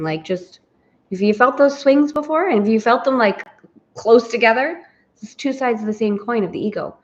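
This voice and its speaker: A woman's voice: a little high, a little fast, a little mellow, dull audio. Reflective woman leading a spiritual lesson. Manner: reflective, voices inner thoughts aloud. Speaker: spiritual teacher.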